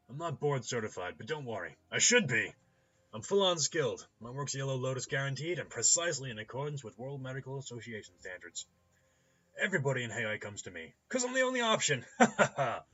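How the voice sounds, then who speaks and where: A man voicing a hungover, cheerful male cyber-doctor with a loose Midwestern accent, shouting and joking. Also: medium pitch, big pitch swings, a little fast, dull audio, voice pushed up. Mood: boisterous. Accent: loose Midwestern American. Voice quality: shouty, boisterous, jokey.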